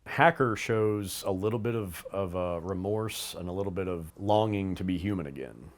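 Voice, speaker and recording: A man with a deep voice talks at a moderate pace as he co-hosts a casual discussion of a cartoon and its toys. He rambles with fillers and restarts, acting out bits of dialogue along the way.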